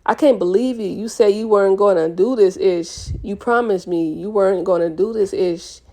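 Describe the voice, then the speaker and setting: Woman reading as a furious young woman yelling. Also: medium pitch, moderate pace, natural voice. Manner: yelling, cursing, heated. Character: furious young woman fighting her boyfriend.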